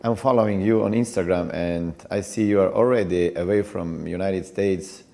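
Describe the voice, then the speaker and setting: A man's voice: low voice, steady tone, moderate pace, creaky, mellow. A man hosting a podcast interview, mostly giving short replies and asking brief questions. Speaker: podcast host. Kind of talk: casual interview.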